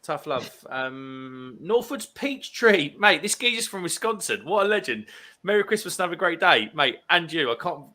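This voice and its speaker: Man, bright, slightly high, livestream host, jokey banter, reads comments. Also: sing-song, moderate pace. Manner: reads out chat comments, joking. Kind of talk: casual banter.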